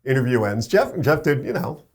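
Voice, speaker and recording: A man, a radio program director and morning show co-host, tells an animated story and acts out the quoted voices. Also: medium pitch, fairly quick, breathy edge.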